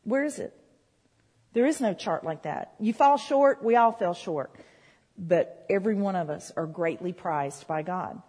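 A woman's voice: lowish voice, expressive, unhurried, mellow, breathy edge. A woman preaching a sermon in a church, talking conversationally with the congregation. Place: church hall. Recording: reverberant hall.

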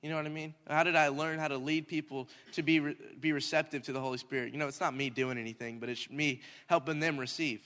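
A young man, a minister, telling a story in a lively sermon and rising to shouts at times. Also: on the high side, fast talker, few pauses. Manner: animated, talks in circles, rising to shouts. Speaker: youth minister. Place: church hall. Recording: hall reverb.

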